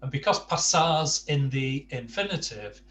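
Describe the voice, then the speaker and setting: A man teaching a Spanish lesson to adult learners, explaining slowly and patiently with frequent ums and uhs. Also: mid-range voice, animated, fairly bright tone. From England. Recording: distant mic with faint hum.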